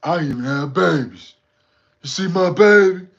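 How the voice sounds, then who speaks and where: A man voicing a robot who insists she is a lady, speaking in a low, drawn-out, proud and defensive voice. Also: animated, creaky, fairly bright tone, full character voice. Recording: dull lo-fi sound.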